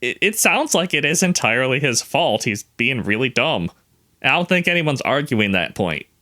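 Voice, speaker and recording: Bright-voiced man making wry comments. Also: medium pitch, big pitch swings, moderate pace. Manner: wry, questioning reactions. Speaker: podcast co-host. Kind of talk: casual chat.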